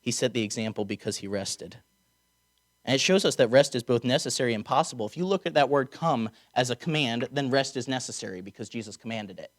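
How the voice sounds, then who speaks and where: Guy giving a chapel sermon, chatty, drops wry jokes, slows way down on the key words. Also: mid-range voice, animated. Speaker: preacher. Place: chapel or auditorium.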